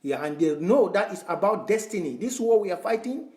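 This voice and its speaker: Male activist, high voice, impassioned and lecturing, roomy echo. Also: lively intonation, a little fast, a little mellow. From Southern Cameroons. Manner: fervent, repetitive, lecturing. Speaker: online activist. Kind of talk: impassioned address to followers.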